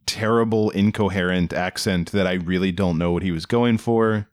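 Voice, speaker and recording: A man's voice: deep voice, moderate pace, no echo, studio quality. A man co-hosting a podcast, chatting casually and wryly about a movie, with many restarts. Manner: animated, wry, restarts a lot. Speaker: podcast co-host. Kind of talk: casual movie review chat.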